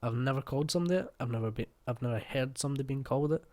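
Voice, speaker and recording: A man's voice: mid-range voice, racing, darkish tone. A young man with an east Scottish accent giving blunt, chatty reaction commentary and swearing casually. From Scotland. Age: young adult. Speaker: reaction video host.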